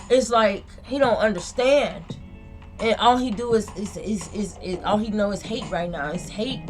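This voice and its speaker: Slangy woman rambling, raised pitch. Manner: slangy, rambling, repeats herself. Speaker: tarot reader. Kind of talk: casual monologue recounting a dream.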